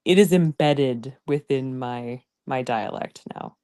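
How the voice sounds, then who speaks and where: Low, smooth-voiced Midwestern woman. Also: slow, warm tone. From Upper Midwest. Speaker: voice actor. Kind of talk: casual chat. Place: video call.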